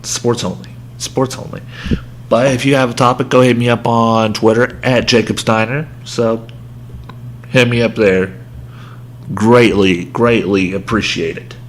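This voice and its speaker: A man delivering a heated sports rant as a show host. He talks slowly and drawls his words, and he pokes fun at his own anger. A faint hum runs under the recording. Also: medium pitch, fairly even intonation. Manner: heated ranting with self-aware humor. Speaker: podcast host.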